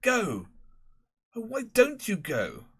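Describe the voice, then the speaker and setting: A man's voice: high-pitched, huge pitch swings, slow pace, a bit bright, breathy edge, dry recording, clean studio sound, pitched above the performer's own voice, heavily acted. A man voicing a feeble, fretful elderly schoolmaster who pleads plaintively and in exasperation. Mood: exasperated.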